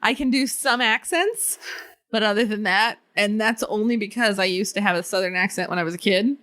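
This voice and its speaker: Woman, mid-pitched, casual podcast chat, easygoing, laughs often. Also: fairly quick, a bit bright. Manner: easygoing, laughs often, short agreeing replies. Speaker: podcast co-host.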